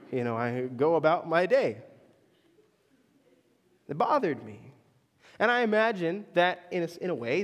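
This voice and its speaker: A pastor from Florida, US, preaches a sermon through stories, checking in with listeners by adding "right?" after many lines. His voice sits on the high side, with a long reverb tail.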